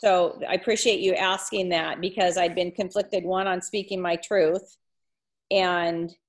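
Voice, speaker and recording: A woman in a coaching group sharing her thoughts slowly, with pauses and restarts. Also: lowish voice, fairly even intonation. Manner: halting and reflective, many restarts. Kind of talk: casual chat. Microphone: video call.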